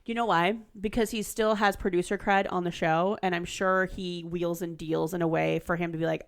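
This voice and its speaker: Young woman co-host, lower voice, casual opinionated banter. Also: steady tone, clean tone. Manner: chatty, opinionated, quick to laugh along. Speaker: podcast co-host. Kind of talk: casual chat.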